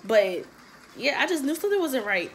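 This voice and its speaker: Young woman, vlogger, high voice, lively pitch, casual storytime while eating, profane, laughing. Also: moderate pace, slight background noise. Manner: animated, profane, laughing often.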